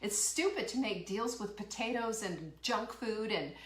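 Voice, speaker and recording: This woman speaks unhurriedly in a mid-range voice, her sound roomy, as she hosts a live motivational talk show. Fired up and emphatic, she throws out rhetorical questions and laughs while reading viewer comments aloud.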